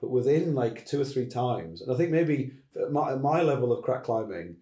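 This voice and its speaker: A man's voice: medium pitch, big pitch swings, moderate pace, mellow, reverberant. A man hosting a casual chat, rambling and restarting his sentences. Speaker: podcast host.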